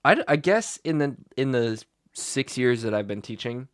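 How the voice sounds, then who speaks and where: A young adult man, a teacher and podcast co-host, telling a school story in blunt, animated casual chat with many likes and restarts. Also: mid-range voice, moderate pace, clear, resonant tone, dry recording, studio quality.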